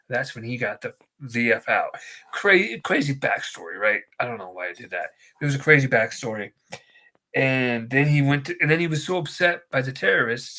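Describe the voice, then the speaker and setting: Man, wrestling podcast co-host, bright forward voice, joking, rambling, casual chat. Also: medium pitch. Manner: jokey, rambling storyteller.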